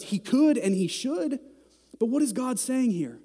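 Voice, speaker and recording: A middle-aged man preaching a sermon to a congregation, talking in a conversational way that climbs to loud, exasperated peaks. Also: very high voice, very animated, moderate pace, breathy edge. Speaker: pastor. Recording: long hall reverb.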